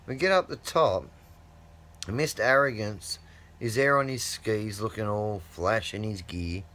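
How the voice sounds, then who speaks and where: A man's voice: lowish voice, measured pace, pushed and bright. A middle-aged man, telling a rambling, profane anecdote in a casual way. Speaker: storyteller.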